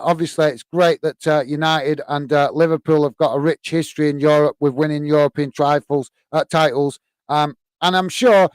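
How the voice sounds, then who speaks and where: A man's voice: a little high, clear, resonant tone, no room sound. A man from the UK hosting a live football watch-along, reading viewer comments in a hesitant, friendly way with lots of fillers and calling people mate.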